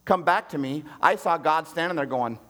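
A man preaching a sermon, telling a personal story, animated and shifting between hushed quoted voices and raised pleading. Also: on the high side, moderate pace. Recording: long hall reverb.

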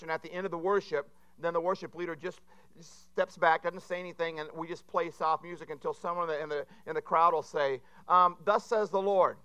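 A man preaching a sermon in an animated, conversational way, often checking in with his listeners. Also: sits high, no echo. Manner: animated and conversational, with frequent asides to the audience.

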